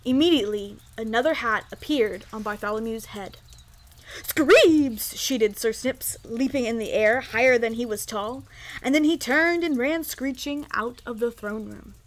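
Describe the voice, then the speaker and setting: A woman reading a children's story aloud in an expressive, lively way. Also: on the high side, moderate pace.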